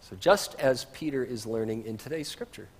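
A man's voice: medium pitch, moderate pace, husky. A man preaching a sermon as pastor, in a conversational way with casual asides, in a church sanctuary. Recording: reverberant church livestream.

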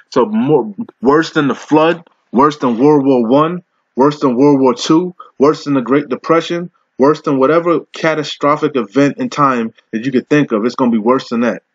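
Profane scolding preacher, muffled dry audio. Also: male voice, medium pitch, breathy edge, no echo. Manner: harsh, profane, scolding, slows to read verses. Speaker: street preacher. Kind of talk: confrontational sermon with scripture reading.

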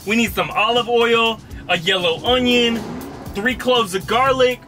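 Casting note: high-pitched male vlogger, jokey and rambling, cooking in a van with music behind. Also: a little slow. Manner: jokey, rambling, self-mocking. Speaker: vlog host. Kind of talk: casual cooking vlog. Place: inside a van in a parking lot.

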